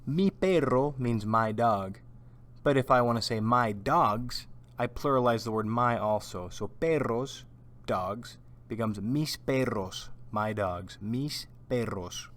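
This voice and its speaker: Slow, patient male Spanish teacher. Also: mid-range voice, fairly bright tone. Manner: patient drilling, repeats words for learners. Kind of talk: slow scripted language lesson.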